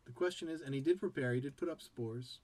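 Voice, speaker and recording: A man's voice: medium pitch, fast talker, a little mellow. A man hosting a casual game commentary show, chatting in a rambling way and jumping between tangents and play-by-play. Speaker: game caster and show host.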